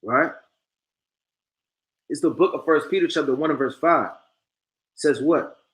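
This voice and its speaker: Male street preacher, high bright voice, emphatic and repetitive. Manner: emphatic, repeats "man" and "you understand"; reads scripture slowly and forcefully. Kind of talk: street-style sermon.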